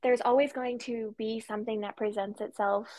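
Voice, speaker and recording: A woman with a fairly high voice talks casually as a military spouse, lively and quick to laugh. She acts out what people say as she goes. The sound is close and dry, with no room echo. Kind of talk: casual podcast chat.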